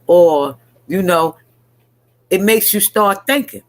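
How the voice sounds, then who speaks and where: A man's voice: sits high, slow, poor audio. A man talking candidly and earnestly in a casual online talk show, often restarting his sentences.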